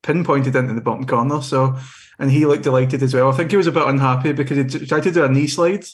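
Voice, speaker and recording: A man's voice: medium pitch, fairly even intonation, quick pace. A young man on a podcast panel, talking football in a casual, rambling way with frequent restarts.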